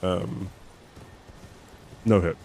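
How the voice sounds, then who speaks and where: Low-voiced young man streamer, rambling. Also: fairly even intonation, very slow, vocal fry, dark tone, slight background noise. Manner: rambling, self-mocking, laughs often. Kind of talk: casual chat while gaming.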